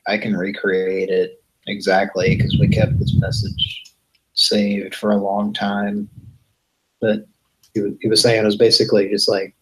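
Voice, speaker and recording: Slow-talking man, low voice, rambling chat on a call-in show. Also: husky, poor audio. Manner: rambling storytelling with restarts. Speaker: prank call show co-host. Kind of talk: casual chat.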